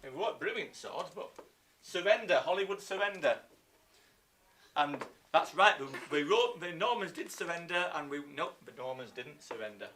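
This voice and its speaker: A man with an English accent teaching a live online history lesson to children, telling the story with lively acted-out voices. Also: fairly high pitch, normal speed, a little hiss or hum. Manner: lively storytelling, acts out scenes in silly voices. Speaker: primary school teacher.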